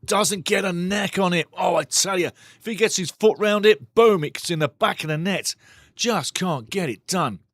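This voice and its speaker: A man hosting a live football watchalong, calling the match excitedly and reading chat messages aloud. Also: high-pitched, normal speed, no room sound, clean studio sound. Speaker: watchalong host. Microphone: studio mic.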